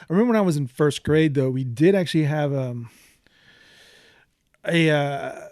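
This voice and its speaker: A man who is an art professor, a guest on a podcast, talking in a casual, halting way full of "you know.". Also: a little high, a little mellow, no room sound, clean studio sound. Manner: halting, leans heavily on "you know" fillers. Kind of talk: casual interview talk.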